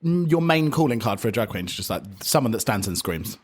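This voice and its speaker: A man co-hosting a podcast, chatting in a camp, animated way and swearing freely. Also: medium pitch, brisk. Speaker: podcast co-host. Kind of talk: casual chat.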